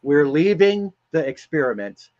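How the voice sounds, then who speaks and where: A man's voice: fairly high pitch, big pitch swings, a little slow, a little mellow, dull audio. A man speaking in a casual, emphatic way on a spiritual live stream, rambling and often repeating words as he talks.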